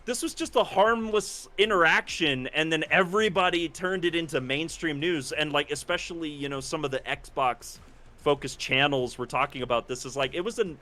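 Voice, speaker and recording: A man's voice: on the high side, fairly quick, sharp tone. A man co-hosting a gaming podcast in casual chat, rambling and self-deprecating, often repeating his first words before he gets going. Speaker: podcast co-host, gaming content creator.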